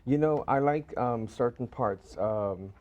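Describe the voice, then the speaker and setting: Guy hosting a chat show, kinda hesitant, lots of pauses. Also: mid-range voice, a little mellow, lo-fi sound. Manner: hesitant, many ums and restarts. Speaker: talk show host. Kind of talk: casual interview chat.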